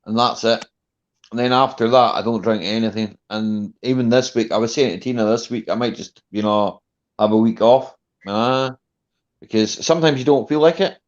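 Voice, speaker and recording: A man's voice: mid-range voice, moderate pace. A Scottish man hosting a casual online chat, chatty and easygoing, peppering his talk with "you know" and "eh". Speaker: livestream host. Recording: lo-fi call audio.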